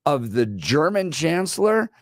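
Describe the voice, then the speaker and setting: A man in his forties co-hosting a talk radio show, telling stories in an animated way with laughs. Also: on the high side, measured pace, no echo. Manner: animated storyteller, laughs while telling anecdotes. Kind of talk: casual talk radio banter. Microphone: studio microphone.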